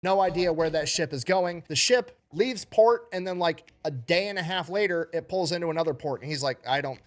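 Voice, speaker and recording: Casual male storyteller, slightly high voice, lively quotes, chatty retelling. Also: brisk. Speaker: podcast storyteller.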